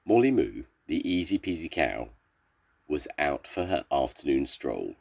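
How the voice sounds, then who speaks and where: An older man, a storyteller grandfather, reads a children's story aloud. His deep, husky voice has a lively pitch, and he reads slowly and expressively.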